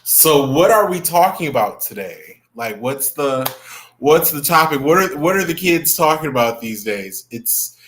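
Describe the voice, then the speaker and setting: Young male livestream host, unhurried, bright tone, gossipy and chatty. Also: fairly high pitch, lively intonation, a little hiss or hum. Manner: chatty, greets viewers by name, gossipy. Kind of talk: casual livestream chat.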